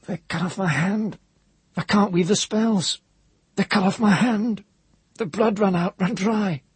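A man doing a stammering, hoarse maimed ex-wizard. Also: high-pitched, no echo, pitched above the performer's own voice, full character voice. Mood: anguished. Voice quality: soft and hoarse. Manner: stammering, halting bursts, cunning.

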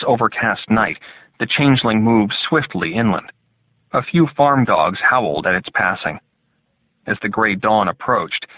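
Brief: male audiobook narrator, low and measured, thin phone-like sound. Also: no echo. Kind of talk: scripted narration. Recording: tinny phone-like dry sound.

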